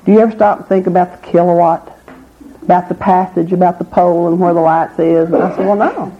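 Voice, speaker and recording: A middle-aged woman tells her own story in an earnest, halting way, often restarting and repeating herself. She speaks as a member sharing at a recovery meeting. The recording is a little muffled and lo-fi. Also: on the low side, level tone. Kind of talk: personal testimony.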